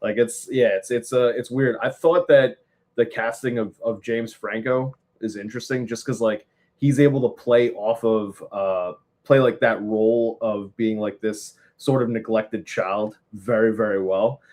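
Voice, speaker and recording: A young man co-hosting a casual film review, measured, steering the talk back to the plot. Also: lowish voice, fairly even intonation, a little mellow. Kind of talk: casual podcast chat.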